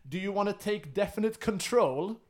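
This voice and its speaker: A man's voice: high voice, animated, moderate pace, darkish tone. A man running a tabletop game as game master, chatty and laughing, with lots of fillers.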